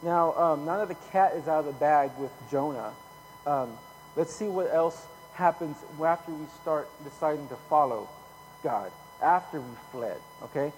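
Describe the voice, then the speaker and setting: Man, pastor, casual chatty sermon, folksy, slightly high pitch. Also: animated, normal speed, a little hiss or hum, poor audio. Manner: folksy, repeats "okay?" often, rises loud when reading scripture.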